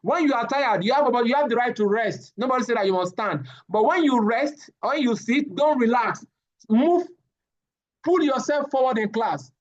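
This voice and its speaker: A man, giving a live safety training lecture, animated and often repeating his words as he addresses the class. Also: extremely high pitch, normal speed, muffled recording.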